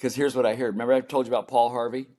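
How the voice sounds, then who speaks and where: An older man, a podcast guest, telling personal stories in an animated way and acting out the people in them. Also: medium pitch, very fast. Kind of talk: storytelling in a podcast interview.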